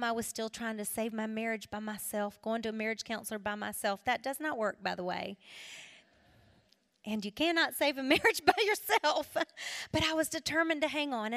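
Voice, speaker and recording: A middle-aged woman from South Carolina, giving an emotional testimony sermon to women, dropping to a hush and then rising again. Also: fairly high pitch. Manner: emotional, swings from hushed to raised and cracking. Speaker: women's ministry speaker.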